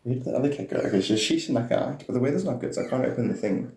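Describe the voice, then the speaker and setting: A man chatting on a live stream with a mellow, dark voice that sits mid-range for a man. He wanders from thought to thought and breaks now and then into goofy voices. The sound carries a noticeable room echo. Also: medium pitch, lively intonation, very fast. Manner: meandering, free-associating, laughs often, slips into silly voices. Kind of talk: rambling spiritual live-stream chat.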